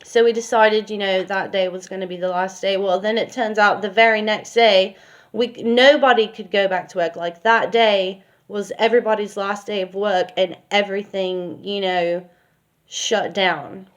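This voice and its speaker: A woman's voice: mid-range voice, steady tone, moderate pace. A woman telling a personal story in a casual, rambling way with lots of fillers. She speaks candidly and swears now and then.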